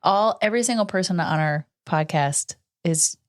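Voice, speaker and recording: A woman's voice: fairly low pitch, moderate pace. A middle-aged woman co-hosting a podcast, telling a personal story earnestly in casual chat. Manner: earnest storytelling, acts out quoted dialogue. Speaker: podcast co-host.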